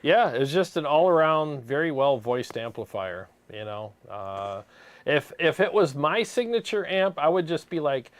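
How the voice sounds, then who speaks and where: A man's voice: mid-range voice, expressive, moderate pace, no echo. A man hosting a gear livestream, chatting casually and laughing often, calling people "man". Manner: laid-back, laughs often, says "man" a lot.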